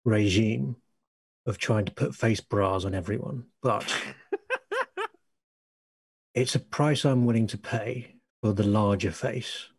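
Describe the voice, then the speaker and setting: A man voicing an earnest male protester with odd logic, reasoning slowly and ramblingly in improvised role-play. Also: lowish voice, husky, heavily acted. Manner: slow, rambling reasoning with chuckles.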